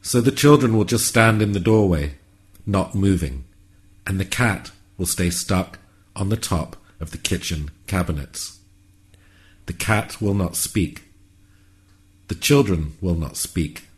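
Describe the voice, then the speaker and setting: A man narrating a whimsical story in a calm, measured, wry way. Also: sits low.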